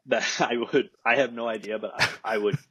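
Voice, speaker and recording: A man's voice: medium pitch, fairly even intonation, brisk, bright, forceful tone, husky, no echo, rough recording. A young man guesting on a podcast, chatting wryly about sports betting and musing aloud with questions. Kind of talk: casual sports betting chat.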